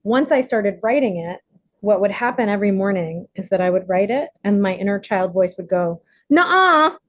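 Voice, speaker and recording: A woman hosts a casual recovery workshop over video, talkative and quick to laugh, her speech dotted with fillers. Medium in pitch with fairly even intonation, she speaks fairly quickly; there's no echo, but the call audio is a bit muffled.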